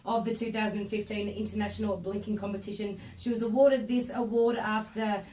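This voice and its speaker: A woman's voice: mid-range voice, fairly even intonation, fairly quick, roomy sound, far from the mic, close to an everyday voice, rough recording. A woman doing a chirpy Aussie TV presenter. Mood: presenting. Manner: bright presenter patter, giggly.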